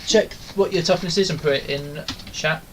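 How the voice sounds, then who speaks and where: A man's voice: on the high side, moderate pace, noisy background. A man leading an online game raid over voice chat, giving instructions in a casual way full of ums and likes. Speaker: raid leader. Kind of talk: casual voice chat while gaming.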